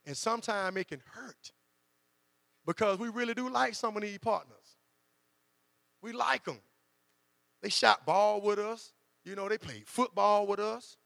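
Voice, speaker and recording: A man preaching, his voice high and gravelly. He talks to the congregation like a friend and acts out quotes. The hall gives a long reverb, and a low mains hum runs underneath. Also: measured pace, pauses often, a bit bright. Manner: conversational preaching with dramatized quotes. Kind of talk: sermon.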